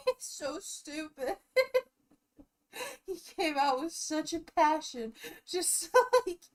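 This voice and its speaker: Giggly high-voiced young woman streamer. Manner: giggly, breaks into helpless laughter. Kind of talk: casual live-stream reaction chat.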